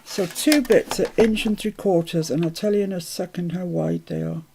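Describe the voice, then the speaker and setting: A woman's voice: fairly low pitch, moderate pace, vocal fry, heavy background noise. A woman hosts a casual crafting livestream. She talks through each step, mutters to herself as she works, and greets viewers in the chat cheerfully. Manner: chatty, greets viewers brightly, mutters to herself while working.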